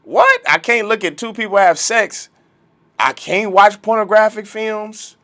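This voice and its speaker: A man putting on a high, indignant voice of an ordinary man caught off guard while preaching. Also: very animated, measured pace, a bit bright, full character voice. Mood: incredulous. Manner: incredulous, squeaky.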